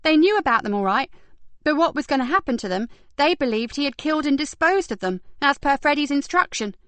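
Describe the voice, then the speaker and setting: A woman reading an audiobook and voicing an earnest young female detective in a brisk, animated way. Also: high-pitched, no room sound, pitched above the performer's own voice.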